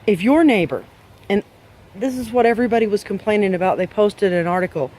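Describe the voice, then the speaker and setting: A man's voice: sits high, a little fast, darkish tone. A man giving dog owners blunt training advice, emphatic and scolding, with many rhetorical questions.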